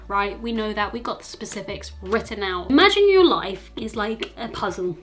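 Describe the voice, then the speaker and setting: A woman's voice: mid-range voice, expressive, a little fast, hardly any pauses, a bit bright. A young woman from the UK vlogging in a chatty, self-mocking way. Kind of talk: casual chat to camera. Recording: faint music behind.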